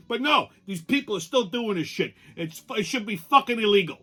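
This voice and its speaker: A man's voice: high-pitched, lively intonation, a little fast, few pauses, pushed and bright. A middle-aged man hosting his own show, telling a story as a blunt, profane rant. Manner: blunt, swears constantly, mocks and rants. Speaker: show host. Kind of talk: profane ranting monologue.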